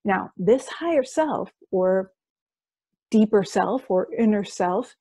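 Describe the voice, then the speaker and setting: A woman, a hypnosis practitioner, explaining her work with enthusiasm in a conversational interview, often listing things in quick runs. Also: mid-range voice, animated, warm tone, no echo. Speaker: quantum healing hypnosis practitioner.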